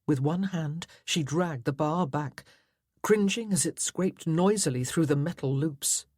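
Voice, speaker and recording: A woman's voice: deep voice, unhurried, darkish tone, no room sound, studio quality. A woman narrating a historical romance audiobook in a dramatic, tense storytelling manner. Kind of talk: scripted narration.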